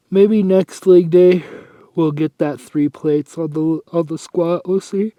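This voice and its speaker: A man's voice: on the high side, warm tone, dry recording. A young man chatting casually to camera in a fitness vlog, out of breath, rambling and sighing. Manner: rambling, self-correcting, sighs and clears throat. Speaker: fitness vlogger.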